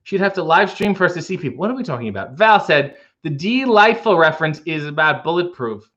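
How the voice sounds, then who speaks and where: A man hosting a home livestream, answering chat with rambling, deadpan jokes. His voice sits a bit high for a man. The audio is dull and lo-fi, like a muffled stream. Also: brisk. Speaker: livestream host reading chat. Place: home, making coffee.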